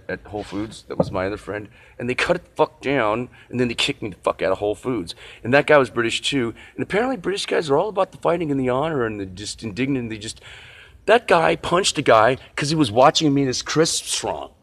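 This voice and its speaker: A man's voice: mid-range voice, fast. A man from Encino, California, telling rambling, profane comic stories outdoors on a city street. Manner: animated, profane, digressive. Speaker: vlogger.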